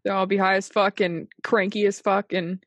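A woman's voice: medium pitch, level tone, moderate pace, no echo. A woman co-hosting a podcast in casual, jokey chat, swearing freely. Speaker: podcast co-host.

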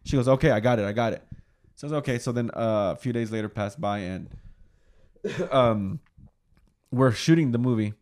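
A young man with a middle-pitched voice, hosting a relaxed conversation. He tells a long, rambling story in an easy, chatty way and laughs readily. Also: normal speed. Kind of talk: casual chat, storytelling.

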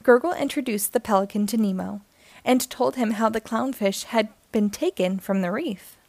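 A woman reading a children's picture book aloud in a gentle storytelling manner. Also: fairly high pitch, normal speed, creaky, no echo.

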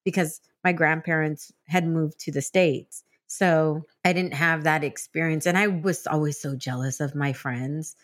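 A woman from San Diego hosting a casual interview, chatty and animated as she tells stories with laughs. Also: low voice, measured pace, hardly any pauses. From San Diego, California. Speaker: podcast host.

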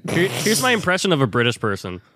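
A young man co-hosting a podcast in casual chat, firing off quick crude jokes and mock accents. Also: fairly high pitch, huge pitch swings, fairly bright tone, no room sound, low-quality recording. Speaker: podcast co-host.

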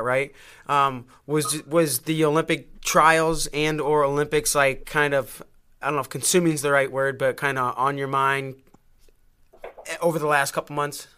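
Male podcast host, joking questioner, fairly high, crisp voice. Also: sharp tone. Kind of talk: casual interview chat.

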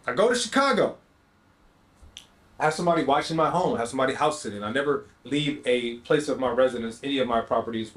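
Animated man telling a story. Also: on the high side, echoey room. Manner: animated storyteller, acts out dialogue, slangy. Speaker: podcast host. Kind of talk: casual storytelling monologue.

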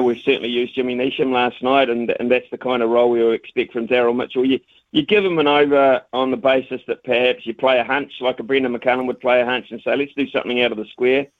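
A man's voice: medium pitch, steady tone, quick pace, dry recording. A man, a cricket commentator chatting as a radio guest, stammering and repeating his words. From New Zealand. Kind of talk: casual radio phone interview. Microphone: phone. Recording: tinny phone line, dry.

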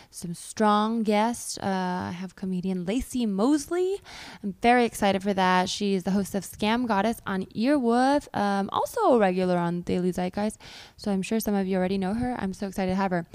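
A woman's voice: mid-range voice, a little mellow, dry recording. A woman hosting a podcast, introducing clips in a chatty, candid and self-deprecating way, with many fillers. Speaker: podcast host. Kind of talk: casual podcast chat and clip introductions.

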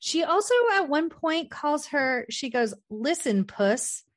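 A woman with a fairly high voice tells a film's plot with a friend. She jumps into the characters' lines as she goes, swears freely and keeps an easy, chatty flow. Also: unhurried, no room sound. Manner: animated storyteller, acts out quotes, swears freely. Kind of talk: casual chat recapping a film.

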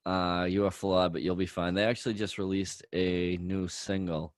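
A young man with a low voice co-hosting a podcast, teasing his partner in a deadpan way. He often puts himself down with a dry joke. The recording is dry and close. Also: moderate pace, no room sound. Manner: deadpan teasing, self-deprecating. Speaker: podcast co-host. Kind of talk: casual podcast banter.

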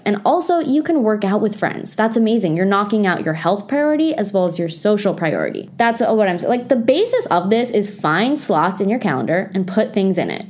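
A young woman chats straight to her viewers in an ordinary middle-pitched voice and gives relaxed lifestyle tips. Her talk is loose and conversational, full of "like" fillers and self-aware asides. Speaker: lifestyle vlogger. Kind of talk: casual advice talk to camera.

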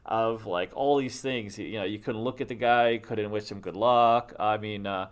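A man hosting a casual conversation, rambling and animated as he tells casino stories. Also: lowish voice, moderate pace. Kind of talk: casual podcast chat.

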